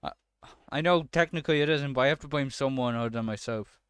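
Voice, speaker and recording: A man's voice: mid-range voice, fast talker, fairly bright tone, clear, resonant tone, no echo, clean studio sound. A man doing let's-play commentary, swearing and breaking into frustrated outbursts at the game.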